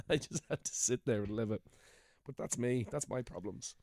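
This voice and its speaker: An Irish man co-hosting a podcast, telling comedy stories in a casual, animated way, swearing and laughing as he goes. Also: mid-range voice, a little slow, vocal fry, no echo, clean studio sound. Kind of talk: casual storytelling chat. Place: shed.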